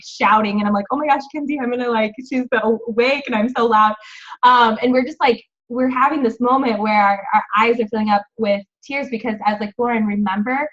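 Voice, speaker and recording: A woman hosting a team coaching video call, chatty and encouraging, rambling a little as she talks. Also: medium pitch. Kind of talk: upbeat team call talk. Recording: dull lo-fi video call audio.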